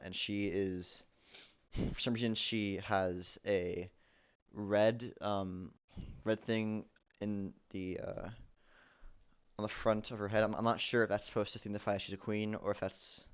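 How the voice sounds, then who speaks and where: A man rambles through a casual, profane amateur movie review, halting often and restarting his sentences. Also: lowish voice, smooth. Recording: dull lo-fi recording.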